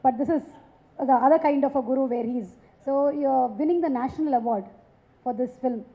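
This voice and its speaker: High-voiced woman host, tinny phone-like audio. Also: a little fast. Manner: prompting, question-led. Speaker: event host. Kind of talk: interviewing guests. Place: film launch event stage. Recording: muffled phone-like sound.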